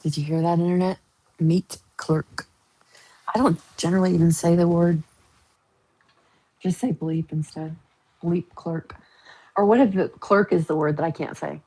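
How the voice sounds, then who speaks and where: Husky woman with a lowish voice, playful livestream host, joking and laughing. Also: steady tone, moderate pace, long pauses, dark tone, rough recording. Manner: chatty, joking and teasing, often laughing. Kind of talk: casual livestream chat. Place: at home, painting her nails.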